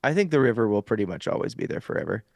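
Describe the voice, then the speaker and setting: A man's voice: on the low side, very fast, gravelly, no room sound. A young adult man, a guest musician, chatting casually and explaining things at length with many fillers. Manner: relaxed, explains things in detail with lots of fillers. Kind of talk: casual interview chat.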